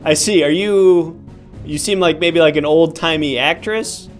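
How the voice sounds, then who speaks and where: A man with a slightly high voice hosts an improvised comedy show as a mock judge. His courtroom patter is mock-formal and bemused, with faint music playing behind him. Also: unhurried.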